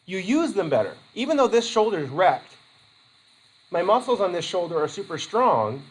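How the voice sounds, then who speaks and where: A man's voice: high-pitched, big pitch swings, normal speed, slightly rough, poor audio. A male instructor giving a casual, rambling classroom lecture, often interrupting himself mid-sentence. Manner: chatty, rambling, self-interrupting. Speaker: college instructor.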